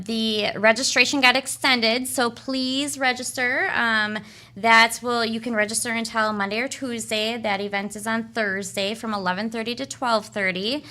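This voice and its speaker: A woman's voice: a little high, sharp tone. A woman appearing as a guest in a radio studio, talking about events in an upbeat way with lots of ums. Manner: upbeat, filler-heavy, earnest. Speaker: sales and marketing director as guest. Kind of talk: promotional guest chat. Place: broadcast studio.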